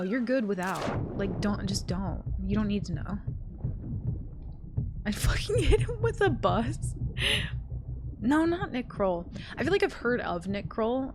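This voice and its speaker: A young woman streamer in casual live-stream chat, rambling, swearing freely and getting animated as she talks. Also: mid-range voice, background noise.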